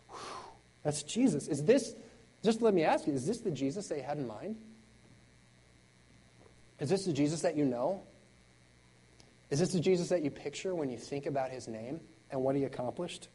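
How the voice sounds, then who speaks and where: A man preaching a sermon, swinging between loud exclamations and quiet intensity, with laughing conversational asides. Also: fairly high pitch, expressive, moderate pace, long pauses, breathy edge, low-quality recording. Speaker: pastor.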